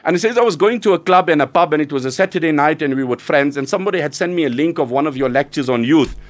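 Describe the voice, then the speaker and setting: A man giving an earnest, urgent Islamic lecture, exhorting listeners and breaking into quick Arabic recitation. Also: fairly high pitch. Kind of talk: sermon.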